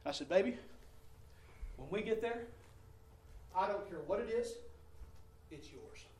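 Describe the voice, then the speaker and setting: Fervent high-voiced man testifying. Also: lively intonation, measured pace. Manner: fervent, swings from hushed to shouting. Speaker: church member giving testimony. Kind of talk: preached testimony. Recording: echoey room, mic at a distance.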